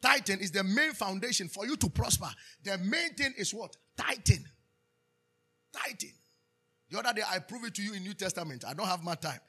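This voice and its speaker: Here the same Ghanaian pastor sounds high and animated, speaking fairly quickly in a bright, husky voice with a forceful tone. His sermon runs on call-and-response questions to the congregation, with switches into Twi.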